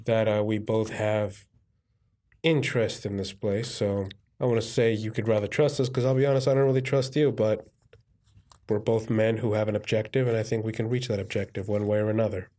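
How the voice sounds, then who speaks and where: A man voicing a wary, level-headed man who speaks in a measured, guarded way. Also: lowish voice, steady tone, mellow, close to an everyday voice.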